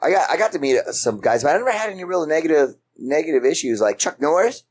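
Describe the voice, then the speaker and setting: A man co-hosting a podcast in casual chat, excitable and jokey, quick with exclamations. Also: a little high.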